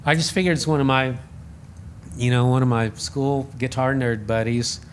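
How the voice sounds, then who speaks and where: A man guest on a podcast, telling a story in a casual, animated and self-deprecating way, acting out the voices he quotes. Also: medium pitch, moderate pace, a little hiss or hum. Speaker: podcast guest, radio host.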